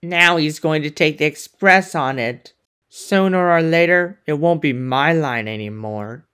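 A woman voicing a hardworking, touchy young male diesel engine in a fan-made animated series, defensive and boastful. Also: deep voice, a little slow, clean tone. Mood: dejected.

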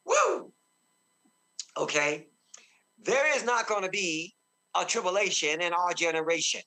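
A man preaching fervently as a guest minister, shouting bursts of praise and slowing to a deep, solemn tone when he quotes God. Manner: slows and deepens when quoting God. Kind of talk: excited preaching in a talk show interview.

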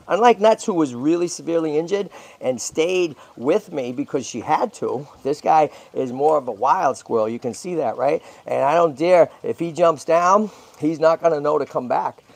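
A tortoise rescuer and channel host chats through a casual livestream, cooing softly to a baby squirrel and peppering his talk with "right?" and "okay?" His voice sits a little high and creaky, at a moderate pace with hardly any pauses.

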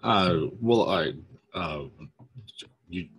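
A man's voice: low-pitched, drawn-out words, breathy edge. A man from Central Texas playing in a tabletop game, laid-back and hesitant in casual chat. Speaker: player.

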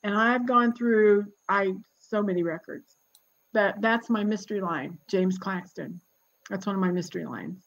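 A woman in her sixties, a genealogist guest, telling family stories in a lively, chatty way and laughing often. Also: medium pitch, moderate pace, highs cut off. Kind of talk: casual storytelling conversation.

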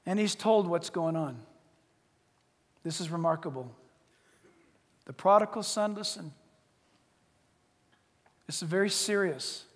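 A male pastor preaches with animated, dramatic storytelling, swinging from booming exclamations to near-whispers. His voice sits high for a man, and a long church reverb hangs behind every phrase. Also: slow, long pauses. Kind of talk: sermon.

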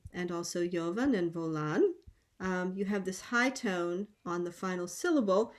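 A middle-aged woman giving an academic conference talk on linguistics. She explains carefully and methodically, with a mid-range voice and frequent small "um" pauses as she steps through her points. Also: medium pitch. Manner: measured, explanatory, with frequent ums. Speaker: linguistics lecturer.

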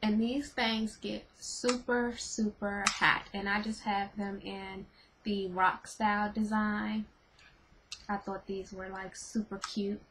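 A woman's voice: mid-range voice, little pitch movement, slow, fairly bright tone, a little hiss or hum, rough recording. A woman casually reviewing her favorite beauty and snack products for her vlog, gushing and repeating her praise. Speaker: beauty vlogger.

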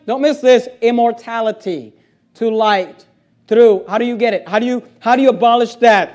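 A man preaching a sermon and reading scripture aloud, stretching out key words and sometimes dropping to a quiet, low delivery. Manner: preaching with slow, drawn-out emphasis and sudden drops to quiet; reads scripture aloud in old-style wording. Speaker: pastor.

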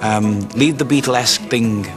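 A man being interviewed, telling stories about his past in a reflective, unhurried way. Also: mid-range voice, music in the background. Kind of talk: reminiscing interview.

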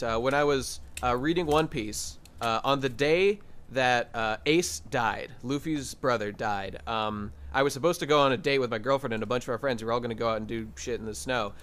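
A man's voice: medium pitch, brisk, few pauses, fairly bright tone, a little hiss or hum. A young man telling stories on a casual podcast, swinging into mock outrage, recorded on a podcast mic. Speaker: podcast co-host.

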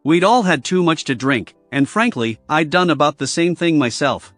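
Man narrating a revenge story, fairly high voice, bitter and even, dry booth sound with soft music. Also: normal speed, no echo. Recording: dry voice with faint music behind.

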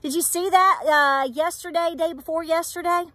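A middle-aged woman with an Appalachian accent holds forth to her audience, firing off rhetorical questions and driving her points home with insistent repetition. Her voice sits high, and the recording is close and dry, with no room sound around her. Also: fairly even intonation, moderate pace, fairly bright tone, dry recording. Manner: preachy, emphatic, rhetorical questions to viewers. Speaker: homestead vlogger. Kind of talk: candid talk to camera.

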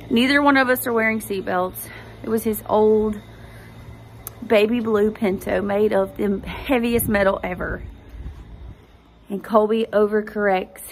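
A woman's voice: mid-range voice, creaky, a little hiss or hum. A woman, hosting a faith vlog and earnestly telling a personal testimony straight to her viewers. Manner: earnest, animated storytelling addressing viewers directly.

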